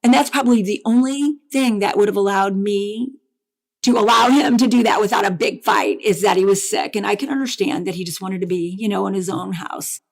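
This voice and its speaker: A middle-aged woman telling a painful personal story as an interview guest, halting and grief-laden, often restarting her sentences. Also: medium pitch, gravelly. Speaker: interview guest, bereaved mother.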